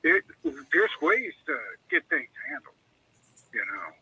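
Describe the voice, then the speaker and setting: Man, rambling storyteller, very bright voice, slightly high, dry sound. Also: wildly swooping pitch, slow pace, gravelly, breathy edge, no room sound, poor audio. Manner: rambling storyteller who acts out quoted dialogue. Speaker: guest on a radio chat. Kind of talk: casual call-in chat.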